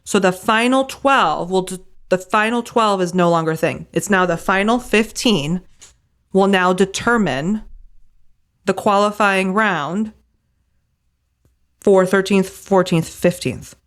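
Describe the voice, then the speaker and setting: A woman co-hosting a podcast in casual chat, excited and rambling, swearing casually. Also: medium pitch, slow pace. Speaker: podcast co-host.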